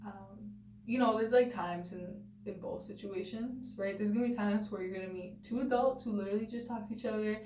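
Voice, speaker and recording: A woman's voice: mid-range voice, mellow. A young woman telling a personal story to camera in a chatty way, filling her talk with "like" and "you know" and acting out what people said. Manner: chatty, full of "like" and "you know", acts out quotes. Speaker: vlogger. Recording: echoey room, mic at a distance, faint noise.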